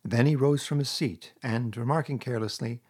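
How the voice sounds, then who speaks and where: A man narrating a classic storybook in a measured, expressive reading. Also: mid-range voice, breathy edge. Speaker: audiobook narrator.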